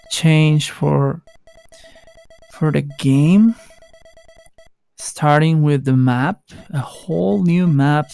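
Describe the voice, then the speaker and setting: Slow, gravelly male caster from Colombia, laid-back late-night commentary over faint music. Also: no room sound. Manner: relaxed, low late-night voice, halting restarts. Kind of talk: live esports commentary.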